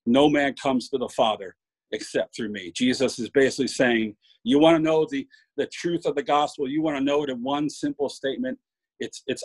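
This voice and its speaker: A man's voice: mid-range voice, steady tone, a little fast, slightly rough, no room sound, poor audio. A man giving an informal sermon, earnest and emphatic, often restarting words and building up to lists of points. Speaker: preacher.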